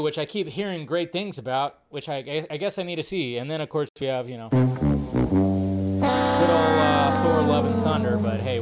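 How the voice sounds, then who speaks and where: A man hosting a live movie news stream, talking casually and with enthusiasm, often riffing by repeating words. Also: a little high.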